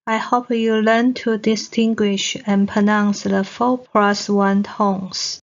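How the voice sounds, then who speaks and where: A woman's voice: medium pitch, little pitch movement, takes it slowly. A woman from Taiwan teaching Mandarin pronunciation, repeating each word twice with careful enunciation. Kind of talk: slow, deliberate pronunciation lesson. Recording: dull, muffled lo-fi recording.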